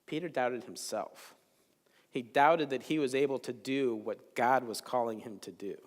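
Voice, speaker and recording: A man's voice: mid-range voice, normal speed. Man, chapel sermon, casual storyteller, wry humor, mid-range voice, long hall reverb. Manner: conversational, joking storyteller. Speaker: chapel speaker. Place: large chapel.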